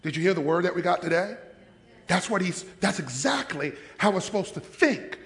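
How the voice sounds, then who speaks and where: A man preaching a sermon as pastor, dramatic, swinging from hushed asides to shouts. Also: high voice, lively intonation, moderate pace, big-room sound.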